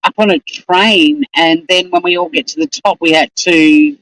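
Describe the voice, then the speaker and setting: A woman's voice: fairly low pitch, steady tone, normal speed, fairly bright tone, dry recording, low-quality recording. A woman with an Australian accent, hosting a casual live stream and chatting in a rambling, exasperated way.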